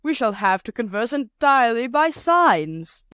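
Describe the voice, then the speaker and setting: A woman reader voices a timid, fussy gentleman on a stranded train in a storybook. He frets and exclaims, pitched a little above the narration. The recording is dry and close. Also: very animated, measured pace, clear, resonant tone, no room sound. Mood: anxious. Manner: anxious, exclaiming. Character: timid male traveler, anxious, fussy.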